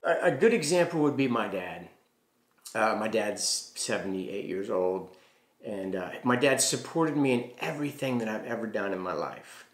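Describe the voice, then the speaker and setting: A man's voice: lowish voice, expressive, moderate pace. A middle-aged man telling a story casually to camera, rambling with many fillers and restarts. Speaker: healing practitioner. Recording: echoey room.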